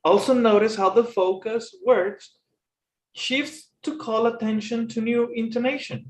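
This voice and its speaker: A man, teaching an English lesson with slow, careful explanations. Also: very high voice, fairly even intonation. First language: Spanish. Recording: echoey room.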